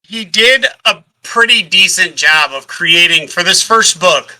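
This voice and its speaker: Bright-toned, high-voiced man chatting. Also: unhurried, rough recording. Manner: animated, laughs often, swears. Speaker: podcast co-host. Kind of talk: casual book-club chat.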